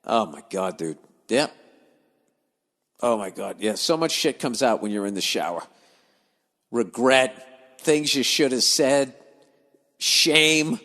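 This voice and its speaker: A man's voice: mid-range voice, sing-song, slow pace, long pauses, bright, forceful tone, big-room sound. A man hosting a podcast, reading listener letters aloud and breaking into profane, grumbling comic rants and digressions. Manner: swears freely, grumbles and digresses. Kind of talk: profane comedic rant.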